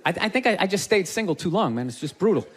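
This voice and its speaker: High-pitched ranting stand-up comic. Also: male voice, very animated, fast. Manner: loud, exasperated ranting, often shouting with crude swearing. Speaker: stand-up comedian. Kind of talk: stand-up comedy rant. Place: live comedy club stage. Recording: live club set with loud crowd laughter and noise.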